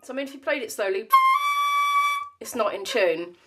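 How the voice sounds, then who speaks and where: A woman's voice: medium pitch, lively intonation, normal speed, loud music behind the voice. A woman vlogging at home, talking to camera in a chatty, rambling, emotional way. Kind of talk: casual vlog chat to camera. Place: at home, indoors. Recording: echoey room.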